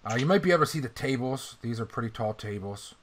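A man running a tabletop game as game master, casual and profane, often clearing his throat. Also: mid-range voice, expressive, fast.

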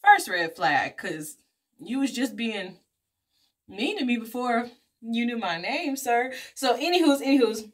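Animated woman recapping a movie plot. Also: a little high, measured pace. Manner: animated storytelling, slangy asides, acts out characters' lines. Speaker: beauty vlogger reviewing a movie. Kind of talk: casual chatty plot recap.

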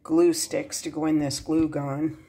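A woman giving a casual, unhurried tour of her home craft room, pointing things out one by one. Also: low voice, level tone, warm tone.

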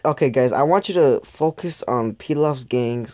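A young man rambles casually through an episode review, often losing his train of thought and laughing at himself. His mid-range voice has a darkish tone and a normal speed. The studio recording is clean, with no echo.

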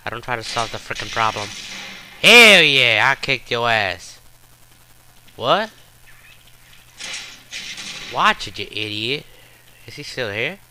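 A man's voice: mid-range voice, sing-song, slow pace, pauses often, bright, forceful tone, a little hiss or hum. A man giving live gameplay commentary, frustrated and trash-talking with profane outbursts.

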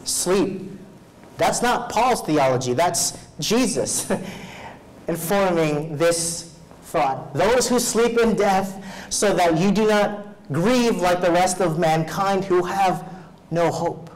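High-voiced preaching pastor. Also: male voice, slow pace, low-quality recording. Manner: reads scripture aloud and prompts the congregation to fill in words; grows louder and higher when preaching, drops soft and low for personal stories. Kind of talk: sermon. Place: live evening worship service.

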